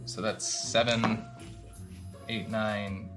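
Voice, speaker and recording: A man's voice: lowish voice, drawn-out words, music in the background. A man playing in a tabletop game, chatting casually and playfully. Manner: playful, lively delivery. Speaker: player.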